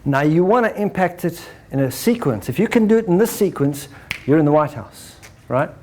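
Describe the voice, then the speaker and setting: Brief: higher-voiced man lecturing a crowd, lively, acts out his examples. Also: moderate pace, a little hiss or hum. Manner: animated, acts out examples, ends points with "right?". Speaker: speaker. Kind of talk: lecture to an audience.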